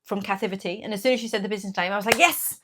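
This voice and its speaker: A woman, chatting casually in a small business vlog, animated and laughing often. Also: mid-range voice, racing. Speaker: small business owner and vlogger. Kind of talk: casual chat to camera.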